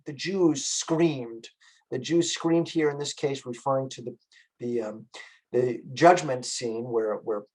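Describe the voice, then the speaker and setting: A man giving an online lecture on a choral work, explaining at a measured pace with frequent fillers, heard over a video call. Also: fairly high pitch, husky, poor audio. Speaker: music lecturer.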